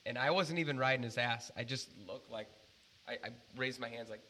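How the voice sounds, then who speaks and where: A man telling a story in casual chat, animated and swearing freely, rambling with restarts. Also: medium pitch, fairly quick, slight background noise.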